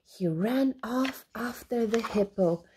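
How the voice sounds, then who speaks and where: A woman reading a picture book aloud to children in a slow, gentle, expressive way. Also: a little high, slight background noise. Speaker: children's storyteller.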